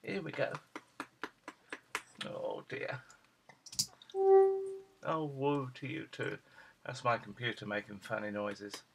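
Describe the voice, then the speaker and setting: A man at home showing off his dogs, switching into high cooing baby talk whenever he speaks to them. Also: expressive, slow pace, creaky, long pauses, very noisy. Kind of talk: casual home video chat.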